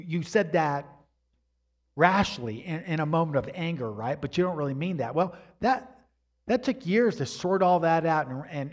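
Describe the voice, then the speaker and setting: Man preaching a personal story. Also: fairly high pitch. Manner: personal storytelling, conversational with many restarts and asides to the congregation. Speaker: pastor. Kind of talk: sermon.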